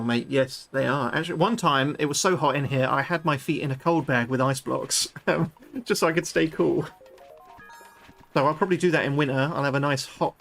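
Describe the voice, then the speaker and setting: A British man livestreaming a game, chatting excitably with his viewers and swearing freely. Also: medium pitch, vocal fry. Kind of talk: live gameplay commentary chatting with viewers.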